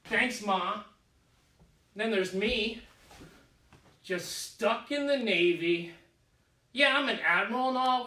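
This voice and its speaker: A man performing a comic theatrical monologue in a goofy, slangy, excitable manner, full of "like", in his living room. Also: high voice. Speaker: solo stage performer. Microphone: camera across the room. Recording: roomy room audio from a distant camera.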